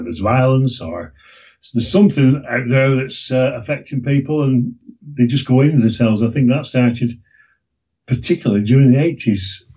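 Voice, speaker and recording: A man, talking in a rambling, halting way on a casual podcast, with many restarts. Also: mid-range voice, mellow, slightly rough. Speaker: regular guest presenting a documentary series. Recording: dull lo-fi recording.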